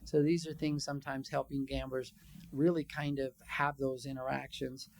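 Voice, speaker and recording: A man, a psychologist, giving a conference training session in a conversational, animated way, acting out quotes from his patients. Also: medium pitch, normal speed, gravelly, a little hiss or hum. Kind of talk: conference lecture.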